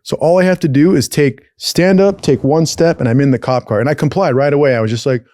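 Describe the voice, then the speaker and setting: A man's voice: a little high, quick pace, no echo. Profane storytelling young man, dry close mic. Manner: profane, animated, acts out other people's lines. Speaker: podcast host. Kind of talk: casual storytelling.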